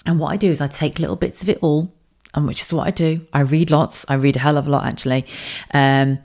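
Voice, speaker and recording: Here the podcast host's voice sits low and a little mellow, moving quickly with fairly even intonation. Alone at the mic, she's candid and curses freely, laughing, digressing and restarting as she rambles and fixes her own words.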